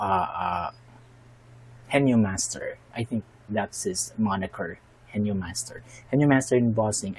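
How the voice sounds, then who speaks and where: A man's voice: fairly low pitch, darkish tone, husky, rough recording. A man hosts a reaction video, giving thoughtful and admiring commentary with frequent fillers and restarts. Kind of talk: casual spoken commentary.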